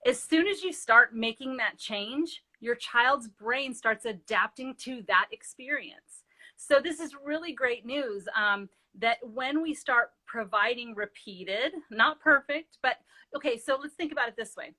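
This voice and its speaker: Woman, middle-aged, parenting expert guest, bright voice, a bit high, earnest explaining. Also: a little slow. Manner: warm, earnest, tells stories with quoted dialogue. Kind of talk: conversational explanation in a live interview.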